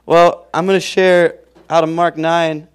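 A man's voice: a little high, level tone, unhurried, smooth. A young man preaching a sermon in a casual, chatty way, with many fillers, praying and reading scripture.

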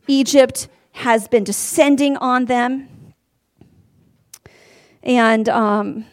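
A woman preaching a sermon, animated and earnest, talking straight to her listeners. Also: on the high side.

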